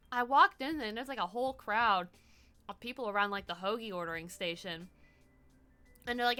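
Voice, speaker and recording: A woman's voice: medium pitch, animated, quick pace, pushed and bright, soft background music. A young woman from the US East Coast, a streamer chatting casually, rambling with lots of "like" and swearing. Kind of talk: casual chat.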